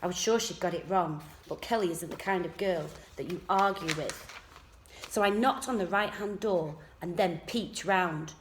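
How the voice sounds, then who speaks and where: Teacher reading a story softly. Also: female voice, on the low side, moderate pace, slight background noise. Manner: soft, quiet first-person narration. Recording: echoey room.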